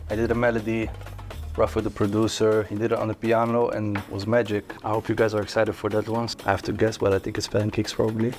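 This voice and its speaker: Playful young man, lowish voice. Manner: playful, chatty, laughs often. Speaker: singer. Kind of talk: casual food-tasting chat.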